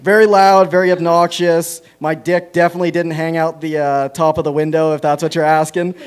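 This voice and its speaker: Canadian guy doing open mic standup, kinda high voice, rambly and self-deprecating, stage mic. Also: level tone, a little fast, smooth. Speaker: stand-up comedian. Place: small comedy venue on stage.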